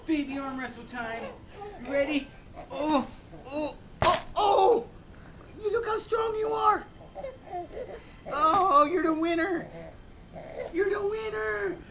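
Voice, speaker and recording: A woman's voice: very high-pitched, animated, slow, gravelly, pauses often, noisy background. A woman cooing, coaxing and cheering on a baby in a home video.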